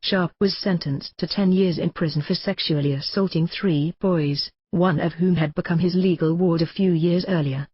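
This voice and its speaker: A brash man narrates his own memoir in a mocking, combative rant. His voice is husky and the sound is bone-dry. The recording is a little dull and muffled. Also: on the high side, steady tone, normal speed, few pauses, no echo. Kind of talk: audiobook narration in a ranting radio voice.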